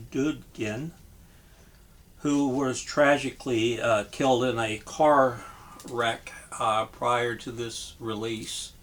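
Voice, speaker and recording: A man giving a casual spoken review of a music album, hesitant, with frequent ums and restarts, relaxed and appreciative. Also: medium pitch.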